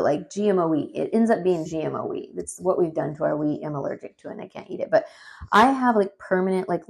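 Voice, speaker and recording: In a fairly low voice marked by vocal fry, a woman in her thirties shares a personal tale. Her style is loose and lively, with frequent fillers and tangents along the way.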